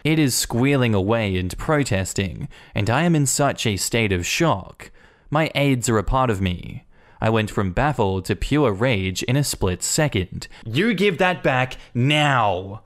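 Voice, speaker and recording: A man narrating online stories aloud in an even, conversational reading manner. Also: on the low side, measured pace. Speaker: story narrator.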